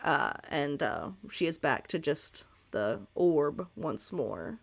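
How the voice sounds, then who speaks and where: A woman narrating a tabletop game as game master, lively and laughing often. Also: sits low, slow pace, vocal fry.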